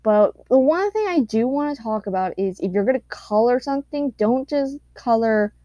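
A woman talks over fan art in an unhurried, gushing way, cooing often and swearing now and then. Her voice is mellow and a little high. It sounds close and dry, with little room around it. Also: lively intonation, dry recording, lo-fi sound. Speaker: YouTuber reacting to fan art. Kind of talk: casual commentary.

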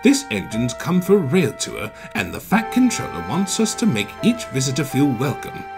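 A man voicing a calm, wise older male engine who explains gently and reproves, in a fan storybook reading. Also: mid-range voice, normal speed, creaky, music in the background, voice pushed up.

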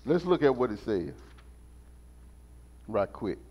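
A man teaching a Sunday school lesson as a sermon, animated and repetitive in a call-and-response style. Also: on the low side, a little fast, long pauses. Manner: animated, call-and-response preaching, repeats phrases. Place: church sanctuary. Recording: muffled sound in a reverberant church.

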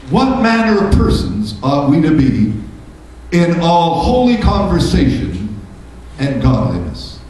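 A man preaches in a church, his voice sitting high and climbing with fervor as he fires off rhetorical questions. The sound carries a heavy room echo, and he stands some way from the mic. A faint hiss runs underneath. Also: darkish tone, far from the mic. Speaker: pastor. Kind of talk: sermon.

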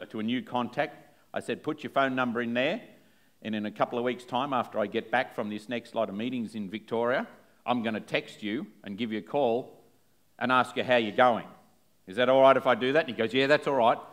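A man preaching a sermon, telling a personal story and calling out "amen?" to the congregation. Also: mid-range voice. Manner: bold, energetic preaching with frequent "amen?". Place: church.

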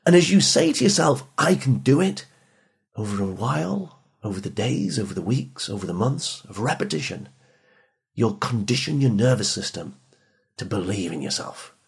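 A man speaking as a motivational speaker to teenagers and parents, emphatic and repetitive, sometimes dropping soft for emphasis. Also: fairly low pitch, very animated, moderate pace, gravelly, husky. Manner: emphatic, repeats phrases, drops soft for emphasis. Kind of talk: motivational podcast talk.

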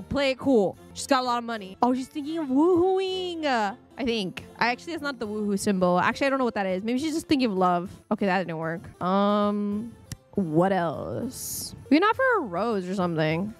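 Lively, giggly woman narrating her game. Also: on the high side. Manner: chatty, giggly, reacts out loud to the game. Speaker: gaming channel host. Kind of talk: casual let's-play commentary. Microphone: desk microphone.

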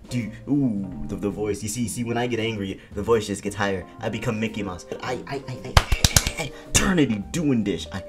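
A man's voice: on the low side, normal speed, few pauses, music in the background. A young man telling a storytime rant in an exasperated, repetitive way, tripping over his words. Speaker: vlogger. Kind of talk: ranting storytime.

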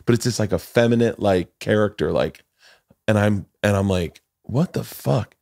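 A man in his forties hosting a podcast, telling stories in a loud, animated and profane way. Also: fairly low pitch, normal speed, no room sound, clean studio sound. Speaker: podcast host. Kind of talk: casual storytelling chat.

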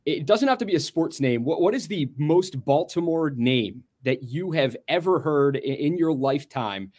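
A man's voice: fairly high pitch, expressive, normal speed, a little mellow. A man co-hosting a sports podcast, teasing his partner and asking the guest a question, often stumbling over words. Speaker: podcast co-host. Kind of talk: casual interview.

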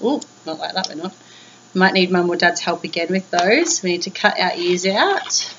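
Aussie woman walking kids through a craft, calm, noisy muffled recording. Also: on the low side, normal speed. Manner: calm step-by-step instructions. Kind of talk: craft demonstration for young children. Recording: muffled video with background noise.

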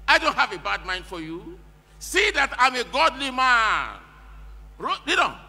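Lively high-voiced preacher. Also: male voice, a little slow. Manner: emphatic, retells each read verse in plain words and prompts the reader. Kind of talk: sermon. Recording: echoey hall with long reverb.

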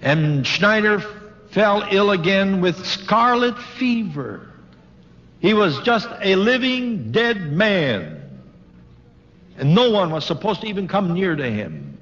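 Animated older man preaching in an echoing hall. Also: sits high, slow. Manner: animated, dramatic retelling with quoted voices. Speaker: preacher giving a talk. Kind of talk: sermon storytelling to a congregation. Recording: old lo-fi recording in a large reverberant hall.

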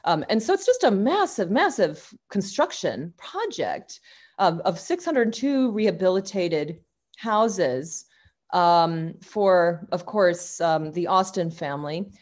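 A woman's voice: lowish voice, big pitch swings, slow, darkish tone. A woman giving a university lecture, talking without a script, with frequent fillers and restarts.

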